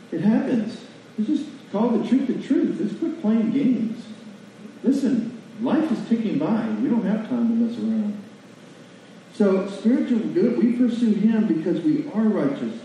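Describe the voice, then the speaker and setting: Folksy preacher in an echoey hall. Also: male voice, high voice, a little slow, slight background noise. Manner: folksy, animated preaching with rhetorical questions. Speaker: pastor. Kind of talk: sermon. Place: church sanctuary. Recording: distant mic in a very echoey hall, lo-fi.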